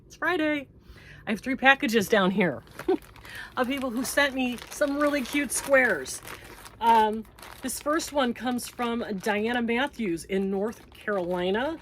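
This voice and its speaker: A woman's voice: on the high side, slow pace, fairly bright tone, a little hiss or hum. Gushing upbeat woman vlogger. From Canada. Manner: gushing and upbeat, chatty asides. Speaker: crochet channel host. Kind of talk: casual vlog chat.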